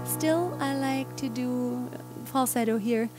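A young woman teaching how to sing a pop ballad, speaking in a relaxed coaching manner and breaking into sung phrases to show the technique. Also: fairly high pitch, moderate pace. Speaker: singing teacher. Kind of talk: vocal lesson with sung demonstrations. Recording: loud instrumental music behind.

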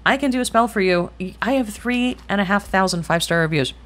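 A woman's voice: mid-range voice, lively intonation, a little fast, a bit bright. A middle-aged woman giving a chatty tarot reading to camera, rambling and thinking aloud, swearing casually and speaking bluntly. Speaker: tarot reader.

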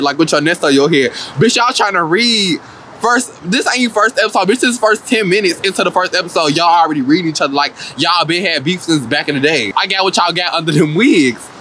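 A man vlogger giving an animated, profane and sassy comedic recap of a reality TV show, laughing often. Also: high-pitched, slight background noise.

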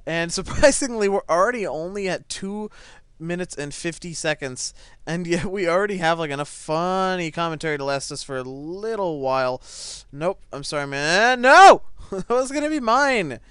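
A teenage boy giving live commentary on a game he is playing at home, excitable, laughing and stammering as things happen. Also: fairly high pitch, normal speed, clear, resonant tone, dry recording, clean studio sound. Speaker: gaming YouTuber. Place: home, seated in a chair.

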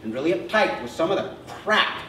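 A man with a high voice preaches to his congregation, talking plainly and checking in with a quick "okay?". He sounds set back from the mic, and the church rings with a strong echo under a faint hiss. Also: big pitch swings, sharp tone. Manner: conversational preaching, often checks in with a short "okay?". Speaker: pastor. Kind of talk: sermon. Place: church sanctuary. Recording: echoey church sound heard from a distance with faint noise.

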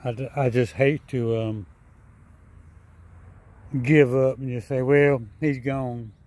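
A man's voice: mid-range voice, darkish tone. Tired, sad man rambling outdoors. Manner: halting, repetitive, subdued. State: tired and sad after a sleepless night. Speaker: vlogger. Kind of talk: casual vlog monologue. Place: outdoors in his yard.

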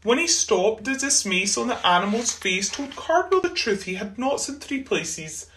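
A woman reading a rhyming children's storybook aloud, expressive and rhythmic. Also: on the high side, moderate pace, slight background noise. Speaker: school reader.

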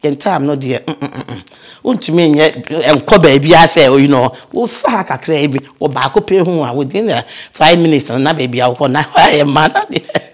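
Older actress, lively storyteller, chatty guest on an interview. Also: female voice, sits low, fairly quick. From Ghana. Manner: lively storyteller, mixes in English phrases. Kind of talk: casual interview, reminiscing.

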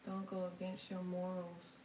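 A woman's voice: lowish voice, completely flat delivery, measured pace, warm tone, recorded from a distance, a little hiss or hum. Woman, tarot stream host, loose and slangy, reads chat aloud; set back from the mic in a roomy space with faint ambience. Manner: chatty, reads viewer comments aloud and answers them; frank and slangy, swears now and then. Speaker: tarot reader hosting a live stream. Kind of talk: casual live-stream chat.

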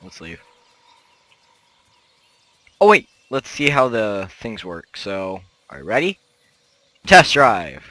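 Young man, playful slow-talking game commentator with a lively, bright voice. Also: lowish voice, no echo. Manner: playful, rambling, bursts into loud shouts. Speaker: gameplay commentator. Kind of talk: casual gameplay commentary.

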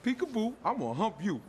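In a comedy film, a male character, a brash, streetwise hustler, coaches his friend on women. His very high voice bounces along boastfully and crudely, loud and animated.

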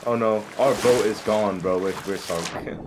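A young man chatting with teammates while playing a game, excitable and swearing often, shouting in quick bursts. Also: lowish voice, background noise. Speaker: game streamer. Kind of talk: casual gameplay chat with teammates. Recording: game sounds of boat and water behind voice.

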